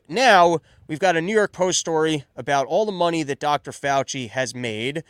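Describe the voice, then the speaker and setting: A man's voice: a little high, smooth, no echo. A man hosting a casual commentary show, riffing sarcastically and with animation.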